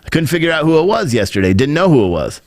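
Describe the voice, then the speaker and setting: Animated, rambling male commentator. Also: a little high, fast, dry recording, studio quality. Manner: animated, rambling, mimics others in quotes. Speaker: podcast host. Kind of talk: opinionated commentary.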